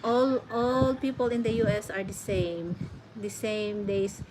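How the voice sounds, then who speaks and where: A woman's voice: medium pitch, steady tone, measured pace. A middle-aged woman with a Filipino accent, chatting casually with her viewers, laughing often and restarting her sentences. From Philippines. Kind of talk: casual chat. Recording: noisy home recording.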